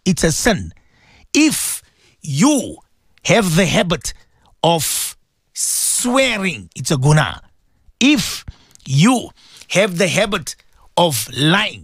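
A man's voice: high-pitched, very animated, slow, fairly bright tone, no room sound, studio quality. A man giving a radio sermon as a preacher and host, emphatic, repeating his phrases and asking rhetorical questions.

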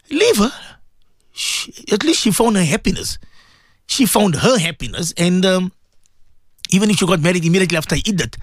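A man's voice: sits high, fairly bright tone, dry recording, clean studio sound. A man hosting a radio talk show as a Muslim cleric, telling a story with emotion and religious phrases.

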